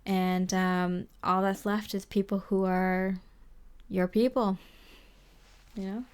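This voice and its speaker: A woman giving a tarot reading to the viewer, gentle and reassuring, rambling with lots of fillers. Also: mid-range voice, little pitch movement, slow, clean tone. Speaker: tarot reader. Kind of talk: casual spoken tarot reading.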